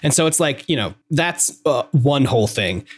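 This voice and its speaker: A man in casual podcast chat who retells video game scenes in an animated way and slips into quick character voices. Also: medium pitch. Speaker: podcast co-host.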